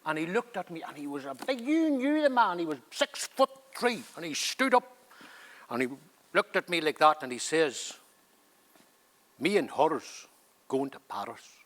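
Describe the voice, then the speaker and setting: Lively storytelling man. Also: high voice, moderate pace. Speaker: poet. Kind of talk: theatre dialogue and poem recital.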